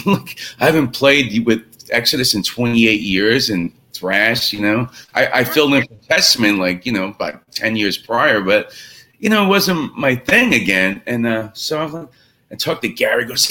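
A man's voice: on the low side, normal speed. A middle-aged man, a rock drummer telling stories in a casual interview and acting out the quoted lines. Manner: animated, acts out quotes in stories.

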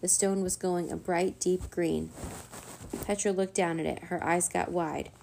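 Low, gravelly woman reading a storybook. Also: normal speed, a little hiss or hum. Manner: steady, even read-aloud narration. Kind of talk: reading a children's chapter book aloud.

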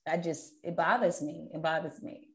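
A woman's voice: deep voice, fairly even intonation, normal speed, vocal fry, a bit bright, rough recording. A woman co-hosting a podcast in casual chat, candid and outspoken, swearing now and then, recorded remotely. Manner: candid, swears, repeats "you know what I mean". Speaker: podcast co-host.

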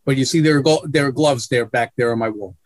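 Fast-talking and mid-range in pitch, a guest sportswriter shares crude, blunt, self-deprecating stories during a casual interview over video call. There's no echo on the audio.

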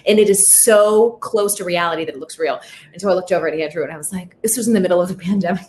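A young adult woman hosting a podcast in casual chat, telling stories in an animated, self-deprecating way. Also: lowish voice, rapid-fire, a little hiss or hum. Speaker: podcast host.

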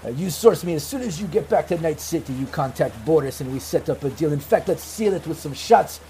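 A man's voice: a little high, animated, brisk, a little hiss or hum. A man voicing a brash, jovial Neo-Soviet gang boss in a tabletop game. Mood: pleased. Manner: boisterous, yelling for shots.

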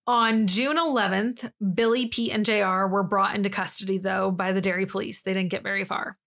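A young woman co-hosting a podcast, casually walking through a crime case. She is dry and sarcastic and slips into little voices for the people in it. Her voice sits at a middling pitch. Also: steady tone, brisk, creaky, a bit bright. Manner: sarcastic, acts out quotes in different voices. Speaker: podcast co-host. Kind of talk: casual true-crime storytelling.

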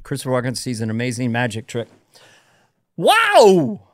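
A man, a guest comedian and impressionist, chatting casually and quickly. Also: medium pitch, lively intonation, no echo, clean studio sound. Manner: chatty, quick, drifts into voices. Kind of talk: casual chat.

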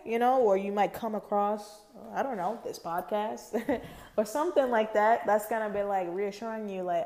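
A woman's voice: medium pitch, normal speed, mellow. Casual rambling woman podcast host. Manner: rambling, conversational, many fillers and restarts. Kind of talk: casual spiritual podcast monologue.

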